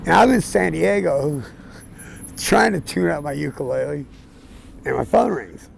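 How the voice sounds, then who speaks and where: Older man, very gravelly voice, slightly high, plain-spoken storytelling, faint street traffic behind. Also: expressive, takes it slowly, pauses often, rough recording. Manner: plain-spoken, casual, with frequent fillers and soft chuckles. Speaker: interviewee sharing his life story. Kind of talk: candid storytelling.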